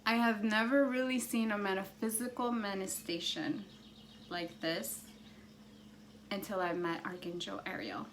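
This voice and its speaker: A woman vlogger telling a personal story in an animated, excitable way, full of "like". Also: mid-range voice, normal speed, slight background noise. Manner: animated, excitable, heavy use of "like".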